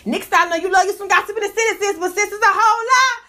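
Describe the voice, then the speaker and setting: A woman's voice: very high-pitched, fast talker, bright, forceful tone. A woman hosting a casual gossip livestream from indoors, talking into her phone, profane and fired up, laughing often. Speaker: livestream host.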